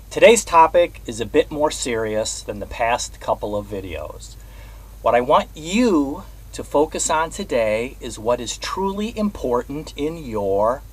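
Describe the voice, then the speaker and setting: A man hosting his own vlog, telling a personal story in a measured, earnest way. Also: mid-range voice, husky, low-quality recording. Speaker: host. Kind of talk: reflective personal vlog monologue.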